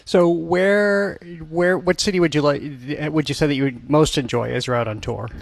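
Gravelly male radio show host. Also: a little high, normal speed, no room sound. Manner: chatty, laughs easily. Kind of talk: interview hosting.

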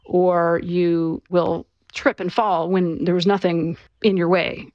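A woman who is an author, giving conversational interview answers and explaining things clearly, with casual fillers. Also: on the low side, little pitch movement, takes it slowly, dry recording, dull audio. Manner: conversational, clear, with frequent fillers like "you know" and "right".

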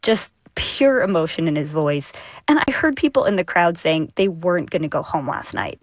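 Low-voiced woman radio reporter. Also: lively intonation, moderate pace, no room sound. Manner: vivid, descriptive reporting. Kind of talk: live news interview.

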